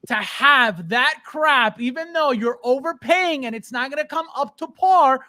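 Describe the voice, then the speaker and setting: A man hosting a casual podcast, ranting in a mocking, animated way. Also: extremely high pitch, measured pace. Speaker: podcast host.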